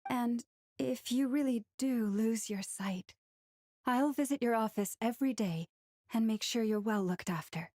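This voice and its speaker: A woman's voice: a little high, a little slow, no echo. A protective, caring female friend. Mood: concerned. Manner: concerned, gently teasing.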